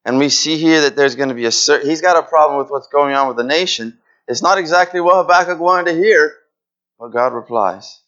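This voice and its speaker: A man's voice: fairly high pitch, fairly quick, a bit bright, lo-fi sound. A man preaching a sermon in an earnest way, repeating phrases and acting out pleading prayers.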